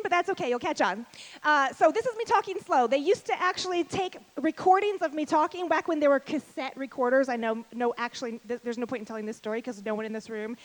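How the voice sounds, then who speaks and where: High-voiced fast-talking woman speaker. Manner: fast-talking, chatty and self-deprecating. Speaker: speaker at a women's event. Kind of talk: lively stage talk to an audience.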